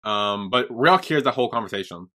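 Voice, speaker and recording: This young male podcast co-host speaks in a mid-range voice with lively intonation, brisk, pushed and bright. Rambling through a casual TV episode recap, he swears freely and performs the characters' lines.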